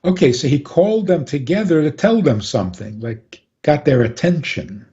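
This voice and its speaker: A man, a rabbi, calmly explaining on a radio talk program and chuckling often. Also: on the high side, moderate pace. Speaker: rabbi guest. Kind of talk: radio interview, Torah teaching. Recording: dull lo-fi radio audio.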